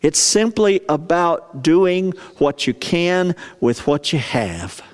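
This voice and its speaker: A man's voice: a little high, animated, slow pace. A male pastor preaching a sermon in a chatty, storytelling way, often asking the congregation questions. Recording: long reverb of a large hall.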